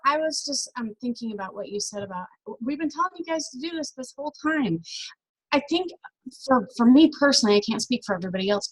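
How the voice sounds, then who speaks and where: A woman's voice: on the high side, low-quality recording. A woman on a team call, sharing her thoughts hesitantly, restarting sentences as she thinks aloud. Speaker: team member on a group call. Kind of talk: casual comment on a call.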